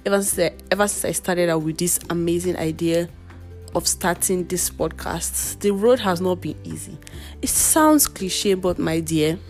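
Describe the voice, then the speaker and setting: Woman, podcast host, casual solo chat, playful, lowish voice, faint music behind. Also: a little mellow. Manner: chatty and playful, addresses listeners directly.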